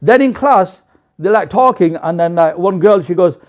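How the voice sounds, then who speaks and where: Lively high-voiced preacher. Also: male voice, normal speed. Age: young adult. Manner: lively, animated storytelling with acted quotes. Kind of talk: storytelling sermon. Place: mosque. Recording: slightly dull lo-fi recording.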